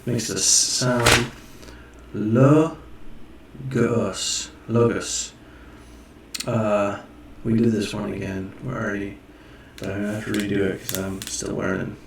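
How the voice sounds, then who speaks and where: A man casually teaching himself and viewers Greek letters, rambling, correcting himself and sounding words out slowly. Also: lowish voice, level tone, vocal fry, darkish tone. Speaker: self-taught Greek learner teaching viewers. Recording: echoey room, mic far off, faint noise.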